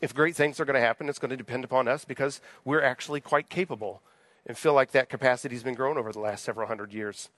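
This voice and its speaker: A man's voice: medium pitch, fairly even intonation, quick pace, a bit bright, no echo. A man in his thirties, a pastor, giving an evening sermon in a conversational way, often asking the congregation questions. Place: church sanctuary.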